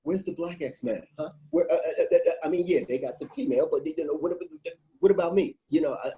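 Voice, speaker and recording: Mellow-voiced man telling stories animatedly. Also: a little high, quick pace, a little hiss or hum, poor audio. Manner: animated, acts out his own thoughts in quotes, many fillers. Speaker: guest author. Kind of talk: casual interview chat.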